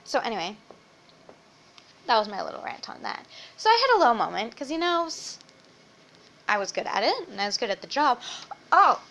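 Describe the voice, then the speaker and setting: A young woman vents in a rambling, casual rant, swearing freely between fillers. Her pitch swings widely and sits fairly high. Her throat is sore, so her voice strains and at times thins to a whisper over a faint hiss. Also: big pitch swings, moderate pace, pauses often, pushed and bright, poor audio. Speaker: vlogger. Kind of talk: casual venting chat. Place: at home with her baby nearby.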